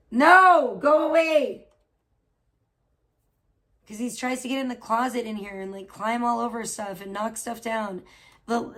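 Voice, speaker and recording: A woman chats to her livestream viewers from her home, her voice sitting a touch high. She gossips loosely and swears often, breaking off now and then to scold her cat. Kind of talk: casual livestream chat. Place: at home indoors.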